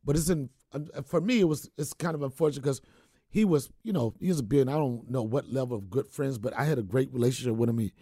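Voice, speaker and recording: Animated storytelling man, dark husky voice. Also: medium pitch, fast, no room sound, studio quality. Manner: animated storyteller, acts out quotes, laughs often. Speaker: comedian guest. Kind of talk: casual storytelling chat.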